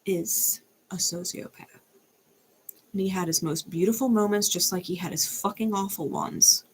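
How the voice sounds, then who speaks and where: A woman's voice: medium pitch, fairly quick, slight background noise. A young adult woman, a tarot reader, ranting in a blunt, fired-up way and swearing freely. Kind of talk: unscripted ranting monologue.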